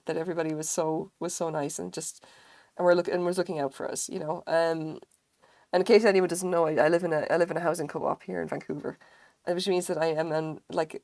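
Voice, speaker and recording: Woman streamer, low and creaky, dry close sound; chatty, rambling, casual cursing. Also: darkish tone, dry recording. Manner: rambling, swears freely, chatty. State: recovering from illness, sense of taste dulled. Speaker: craft streamer. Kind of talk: casual chat with live viewers.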